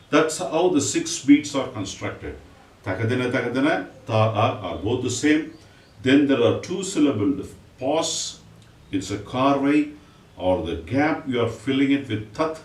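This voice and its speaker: A man teaching a music lesson, explaining patiently and reciting drum syllables in quick bursts. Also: medium pitch, expressive. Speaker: rhythm teacher. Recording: echoey room, mic at a distance, faint noise.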